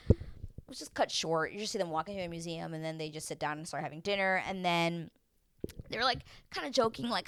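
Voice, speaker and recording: A reality TV recap host chats casually in a vlog, animatedly acting out quotes from the show in put-on voices. Her mid-range voice runs a little fast, and the recording has no room sound.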